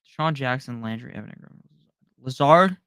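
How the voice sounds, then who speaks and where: A man hosting a live stream, casually reading out viewer questions and firing back quick, offhand answers with slang. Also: medium pitch, lively intonation, fairly bright tone, smooth, dry recording, clean studio sound. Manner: rapid-fire, offhand answers with slang and the odd curse. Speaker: fantasy football live-stream host.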